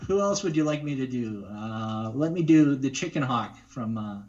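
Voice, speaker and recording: A man's voice: mid-range voice, expressive, moderate pace, few pauses, a little mellow. A man who works as a voice actor, chatting eagerly as a guest in an interview, on a dull, lo-fi recording. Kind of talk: casual interview chat. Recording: dull lo-fi sound.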